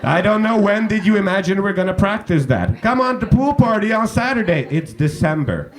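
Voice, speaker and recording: A man's voice: high voice, very animated, fairly quick. A man doing stand-up crowd work on a comedy club stage, teasing the audience with chatty questions into a handheld mic.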